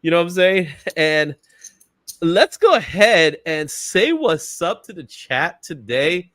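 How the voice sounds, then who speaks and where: A very animated man with a fairly high, fairly bright voice talks slowly while hosting a casual livestream. Cheerful and chatty, he laughs often, greets viewers in the chat by name, and drops fillers like "you know what I'm saying," heard through a dry, clean studio recording.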